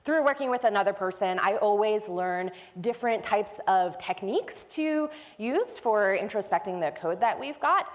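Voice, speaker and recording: A woman's voice: medium pitch, lively intonation, moderate pace, few pauses. A woman giving a technical conference talk, explaining step by step in a conversational way. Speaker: conference speaker. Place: large conference hall. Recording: long hall reverb.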